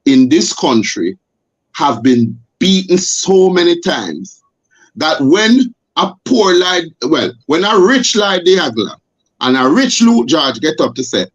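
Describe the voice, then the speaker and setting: A man with a Jamaican accent speaks as a talk show guest, pressing his points with force and repeating himself for emphasis. His voice sits somewhat high for a man. The audio is dull and lo-fi. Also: big pitch swings, takes it slowly. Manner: forceful, repetitive, rhetorical questions. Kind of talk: impassioned talk show discussion.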